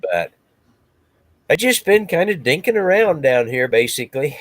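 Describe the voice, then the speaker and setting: A man chatting casually on a video call, halting and correcting himself as he talks. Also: fairly high pitch, big pitch swings, fairly bright tone, no room sound. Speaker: guest. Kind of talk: casual chat.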